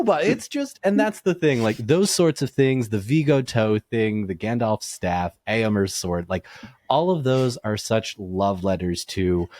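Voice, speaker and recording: A man chatting casually as a podcast guest, excitable and laughing often, going off on tangents. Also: mid-range voice, no room sound, clean studio sound. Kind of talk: casual chat.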